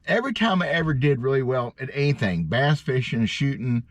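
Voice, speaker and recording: A folksy, middle-aged bass fishing vlogger from Missouri rambles through casual stories in an expressive, mid-range voice with no echo. He's self-deprecating and draws out words for emphasis, and the recording sounds dull and lo-fi.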